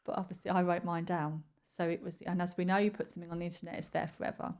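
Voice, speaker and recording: Brief: an interview guest, a woman with a fairly low voice, earnest and self-justifying. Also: level tone, fast, darkish tone.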